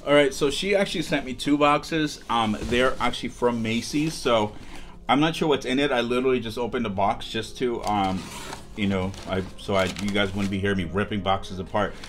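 A young man hosting a casual unboxing vlog, talking in an excitable, gushing way with lots of ums and restarts. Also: medium pitch, brisk, a little hiss or hum. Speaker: vlogger.

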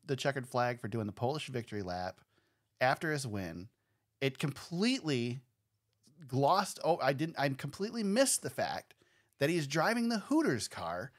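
A man hosting a podcast in casual chat, easygoing and quick to laugh. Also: medium pitch. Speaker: podcast host.

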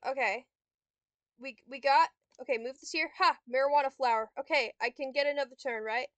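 A woman's voice: sits high, steady tone, fairly quick, no room sound. A young woman giving casual gameplay commentary, swearing and snapping frustrated insults at a computer opponent. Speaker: gamer vlogger.

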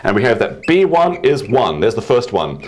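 A man teaching a math lesson at a whiteboard, enthusiastic and quick to exclaim over the beauty of the ideas. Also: mid-range voice, sing-song, darkish tone, slight background noise.

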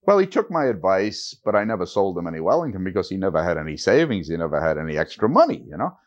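Older man, animated pitch, retired teacher. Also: fast, muffled recording. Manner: animated storyteller who acts out quoted voices. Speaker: retired teacher being interviewed. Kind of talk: oral history interview.

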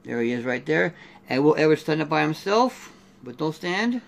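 A man's voice: a little high, very animated, moderate pace, vocal fry. A middle-aged man from Canada doing a casual unboxing review of collectible figures. He rambles and keeps saying "there" and "here".

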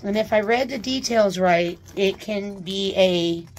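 A woman chatting casually as she unboxes a new purse, gushing with excited exclamations. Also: mid-range voice, unhurried. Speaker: unboxing vlogger. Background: paper crinkling.

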